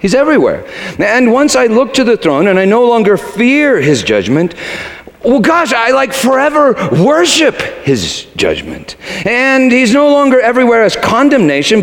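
Man preaching with sweeping pitch. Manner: dramatic swings from hushed to shouting; halting restarts when moved. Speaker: pastor. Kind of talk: sermon. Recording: long hall reverb.

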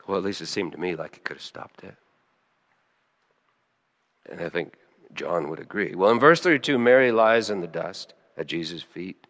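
A man preaching a sermon, dropping to hushed, quiet lines and then rising sharply into loud, high emphasis. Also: animated, moderate pace, long pauses, long reverb tail. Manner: emotional, swings between soft hushed lines and sudden loud high emphasis. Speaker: pastor.

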